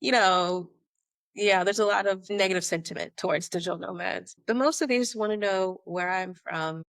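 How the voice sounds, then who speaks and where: Animated American woman in her late thirties. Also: medium pitch, moderate pace, creaky, no echo. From Atlanta, United States. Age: late 30s. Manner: animated storyteller who acts out quoted dialogue. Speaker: podcast guest. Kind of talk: casual interview conversation. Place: abroad in Spain.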